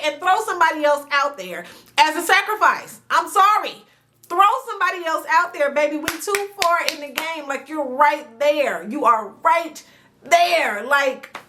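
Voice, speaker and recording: A woman hosting a casual reality TV recap, talking straight to the viewer in an animated, chatty way and stretching words for emphasis. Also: fairly high pitch. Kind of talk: casual commentary to camera. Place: indoors at home near a sunny window.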